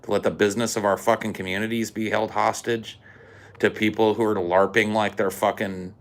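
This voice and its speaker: A man on a podcast ranting angrily and sarcastically, swearing constantly and getting louder and more heated. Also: fairly low pitch, flat delivery, a little fast. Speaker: podcast co-host. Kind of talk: profane podcast rant.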